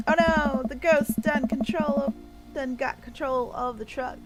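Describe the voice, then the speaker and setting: A woman's voice: high-pitched, steady tone, unhurried, over loud music, voice pushed up. A woman voicing a panicky male ghost-hunting trucker with a drawling rural twang, reading a dating game aloud. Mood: panicked.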